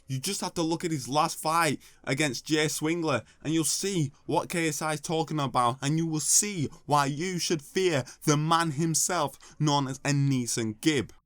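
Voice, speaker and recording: A man's voice: fairly high pitch, moderate pace, hardly any pauses, a bit bright, no echo. A man giving sarcastic, mocking comedic commentary. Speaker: YouTube commentator.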